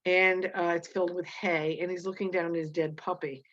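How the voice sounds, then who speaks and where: Low-voiced lady teaching a book, lots of uh and restarts, kinda muffled lo-fi sound. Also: flat delivery, a bit bright. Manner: halting, many fillers and restarts. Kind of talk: explaining and reading a novel aloud.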